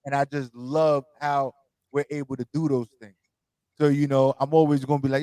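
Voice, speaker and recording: A man's voice: mid-range voice, fairly even intonation, quick pace, darkish tone, dry recording. A man from New York hosting a casual radio interview, laughing easily and repeating words as he talks. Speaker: radio show host.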